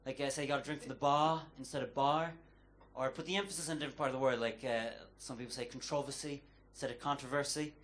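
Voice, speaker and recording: Self-deprecating Irish stand-up comedian. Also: male voice, medium pitch, fairly even intonation, very fast, few pauses, fairly bright tone, a little hiss or hum. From Ireland. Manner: self-deprecating, chatty, with hesitant restarts. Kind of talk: stand-up set. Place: comedy club stage before a live audience.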